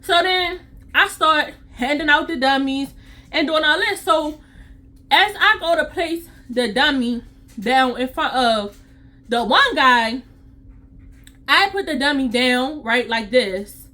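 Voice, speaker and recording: A woman CPR instructor telling a story to her vlog audience in a sassy, animated way. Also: high-pitched, slow.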